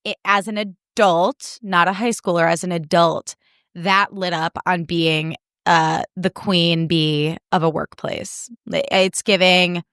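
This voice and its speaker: A woman's voice: on the low side, steady tone, slow, a bit bright, smooth, no echo, studio quality. A young woman from Chicago hosting a podcast, ranting with plenty of profanity in casual chat. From Chicago, US Midwest. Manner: heated profanity-laced rant. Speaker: podcast host.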